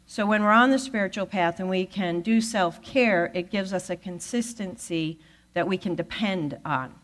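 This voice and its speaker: A woman giving a talk at a spiritual center, telling a personal story with lively acted-out dialogue. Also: medium pitch, moderate pace. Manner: animated storyteller who acts out quoted voices. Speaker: guest speaker at a spiritual center.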